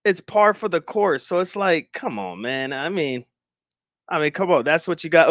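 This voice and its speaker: Animated young man hosting a stream. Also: on the high side, normal speed, no echo, studio quality. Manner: animated, swearing, laughing, talking to chat. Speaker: livestream host. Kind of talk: casual stream chat.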